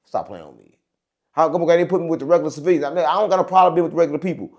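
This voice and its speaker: Guy rambling thru a story on his channel, kinda high voice, keeps saying right? and gang. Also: steady tone, very fast. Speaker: show host. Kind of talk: casual storytelling monologue.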